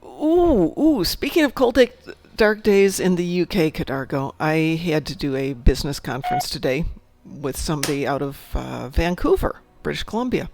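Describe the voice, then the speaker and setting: A woman hosting a casual gaming chat, a chatty storyteller who talks in an animated, jokey way. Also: sits low, normal speed, hardly any pauses. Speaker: stream host.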